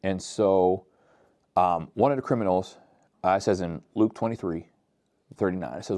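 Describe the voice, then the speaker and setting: A man delivers a casual, conversational sermon full of slang. His voice sits very low, and the recording is close and dry with no room sound. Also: normal speed, pauses often, darkish tone, no echo. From Pittsburgh, USA. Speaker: pastor.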